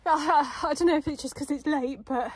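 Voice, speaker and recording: High-voiced chatty woman vlogger. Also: moderate pace, a little hiss or hum. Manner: chatty, gushing, talks fondly to her dogs. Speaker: vlogger and dog agility handler. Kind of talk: casual vlog chat. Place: outdoors at a cold winter dog show. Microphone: handheld camera.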